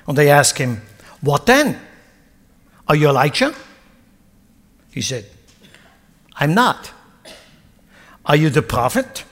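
A man's voice: on the high side, a bit bright. A male pastor preaching a sermon, dramatic and acting out the voices of people in the scripture. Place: church hall. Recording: long reverb of a church hall.

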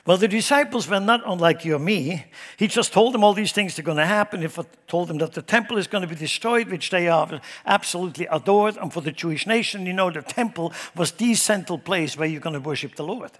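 A man's voice: high-pitched, brisk, few pauses. Man preaching in a reverberant church. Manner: emphatic preaching, rising and dropping loudness; asks the congregation rhetorical questions. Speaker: pastor. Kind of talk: sermon. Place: church sanctuary. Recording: long hall reverb.

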